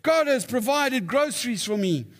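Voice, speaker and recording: A man voicing a devout little old woman who shouts her praise aloud. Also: a little high, slow. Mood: joyful.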